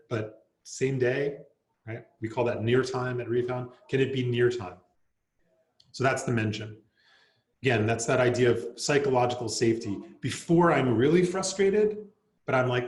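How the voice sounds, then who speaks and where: Man presenting a workshop, mid-pitched, chatty, echoey room. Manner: conversational, acts out quoted lines, tags "right?". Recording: roomy echo.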